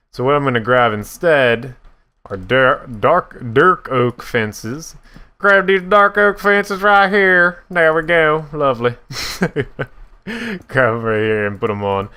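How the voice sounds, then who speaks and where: Young man, deep voice, casual gaming commentary, self-mocking, chatty. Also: fairly bright tone. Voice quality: deep voice prone to voice cracks. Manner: chatty, self-mocking, laughs at his own slips. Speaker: gaming YouTuber. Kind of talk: casual Minecraft building commentary.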